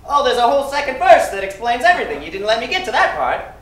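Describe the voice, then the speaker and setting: A staccato, hyper-enunciated old-timey crooner, played by a man, bright and lively in pitch. He bounces with animated swings, heard from afar in a roomy stage sound with music behind. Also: quick pace, recorded from a distance, exaggerated voice. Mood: chipper. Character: fast-talking old-timey male crooner. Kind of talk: 1940s-style sketch comedy acting.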